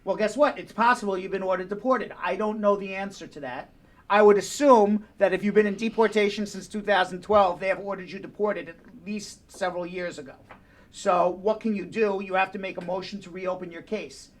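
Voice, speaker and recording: A man's voice: high-pitched, fairly even intonation, a little fast. A man co-hosting a live radio advice show as an immigration lawyer, talking bluntly and with emphasis, often away from his studio mic. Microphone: studio mic, often spoken away from.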